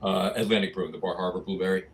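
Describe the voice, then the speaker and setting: A man's voice: low-pitched, little pitch movement, rapid-fire, a little hiss or hum. A man co-hosting a casual beer podcast, rambling with many restarts and fillers. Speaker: podcast co-host. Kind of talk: casual chat about craft beer.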